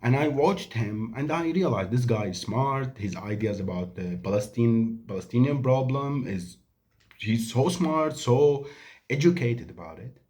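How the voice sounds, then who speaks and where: A Syrian vlogger in his thirties, a native Arabic speaker, delivers an angry, emphatic monologue to camera, packed with rhetorical questions. His mid-range voice is a little mellow, with lively intonation and a measured pace.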